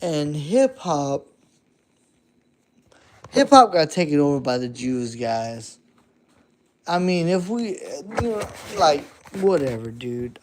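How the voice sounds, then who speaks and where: A man giving a heated, profane late-night rant, swinging between shouting and muttering. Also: on the high side, very animated, slow pace, background noise. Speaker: vlogger.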